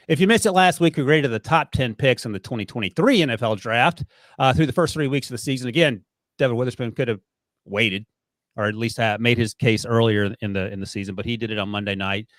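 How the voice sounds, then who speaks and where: A man's voice: medium pitch, animated, fairly quick, a bit bright, no room sound. A man hosting a sports podcast in a casual, playfully teasing way. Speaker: podcast host.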